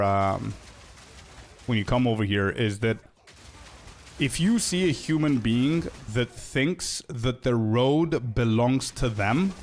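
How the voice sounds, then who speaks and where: A man's voice: medium pitch, slight background noise. Laid-back, slangy male game streamer. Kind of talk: casual chat with viewers.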